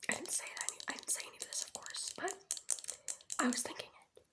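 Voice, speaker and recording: Whispering teen girl, sick with a sore throat, rambling ASMR storyteller; slightly high voice. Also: little pitch movement, a little fast, long pauses. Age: teens. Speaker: ASMR creator. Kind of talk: soft-spoken ASMR rambling. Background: keyboard tapping.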